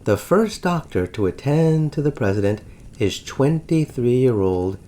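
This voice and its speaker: A man narrating a dramatic history story as the host of his channel, with big swings in pitch and loudness. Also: sing-song, measured pace.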